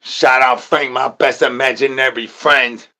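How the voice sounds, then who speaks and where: A man's voice: mid-range voice, flat delivery, a little slow, pushed and bright. A man livestreaming, rambling nonsense to his chat in a sing-song patter, repeating rhyming filler syllables and catchphrases.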